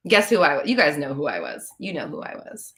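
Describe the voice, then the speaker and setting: A woman's voice: deep voice, wildly swooping pitch, brisk, a bit bright. A woman hosting a casual live stream, telling rambling, profane stories and laughing as she reads the chat. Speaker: podcast host answering live chat.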